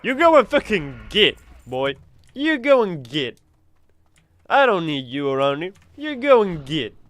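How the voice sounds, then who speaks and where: A man putting on a deliberately bad American accent, voicing a brash, boastful American man who barks orders. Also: a little high, big pitch swings, no echo, voice pushed up. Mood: swaggering. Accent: put-on American. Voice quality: exaggerated, shouty.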